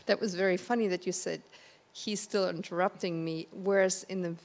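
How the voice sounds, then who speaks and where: A woman moderating an onstage conversation, speaking hesitantly with many pauses and restarts. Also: on the low side, fairly even intonation. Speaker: conference moderator. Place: theatre stage.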